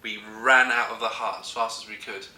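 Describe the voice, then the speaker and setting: Guy, comic storyteller, keeps cracking up, very bright voice, echoey room. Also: lowish voice, steady tone, a little fast. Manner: giggly, keeps breaking into laughter.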